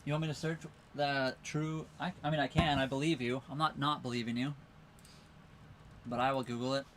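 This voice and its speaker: A man's voice: mid-range voice, level tone, a little fast, a bit bright, a little hiss or hum. A man hosting a casual livestream from his sailboat at a marina, rambling easily and reading viewer comments aloud. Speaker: live stream host. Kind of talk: casual live stream chat.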